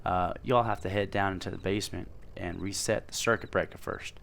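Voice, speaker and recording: A man's voice: sits low, steady tone, fairly quick, vocal fry, fairly bright tone, slight background noise. A man voicing a folksy, chatty older male gas station owner with a put-on drawling country voice. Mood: helpful.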